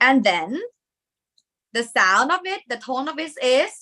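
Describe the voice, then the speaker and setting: A woman's voice: fairly high pitch, sing-song, normal speed, bright, forceful tone. A woman with a Thai accent teaching a live online lesson, explaining step by step and dropping Thai particles into her English.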